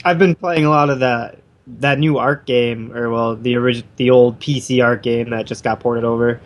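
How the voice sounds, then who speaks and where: A man's voice: medium pitch, steady tone, moderate pace. Enthusiastic man chatting on a podcast. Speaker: podcast co-host. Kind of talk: casual chat.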